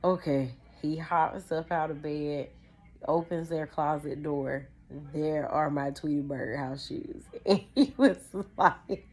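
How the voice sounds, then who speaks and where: Low-voiced woman telling a story to listeners. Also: slow pace. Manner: animated storyteller, addresses listeners as y'all. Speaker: podcast host. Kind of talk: casual storytelling.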